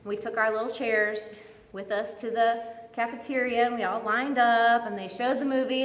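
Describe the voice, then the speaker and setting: Bright-voiced woman preaching in echoey hall. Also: a little high. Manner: animated, self-mocking, chatty storytelling. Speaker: guest speaker at church. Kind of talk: sermon with personal storytelling. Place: church sanctuary. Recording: echoey church hall reverb.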